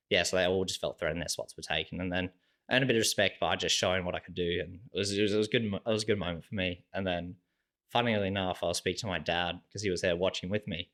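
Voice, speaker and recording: A young Australian man, a podcast guest, casually telling stories and acting out what people said, with "like" in nearly every sentence. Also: deep voice. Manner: relaxed, animated storyteller acting out quoted dialogue, heavy use of "like". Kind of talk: casual storytelling chat.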